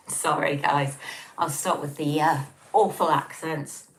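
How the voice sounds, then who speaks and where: This is a casual home livestream hosted by a woman with an English accent, whose low, slightly bright voice keeps fairly even intonation at normal speed. She reads comments and chats in a rambling manner with many ums, captured on a tablet on a table.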